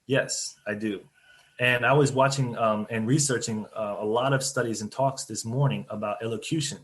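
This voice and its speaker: A man's voice: on the low side, measured pace, pauses often. A man, a company CEO, giving conversational, explanatory answers in an interview over a video call. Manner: conversational, explanatory, laughs easily.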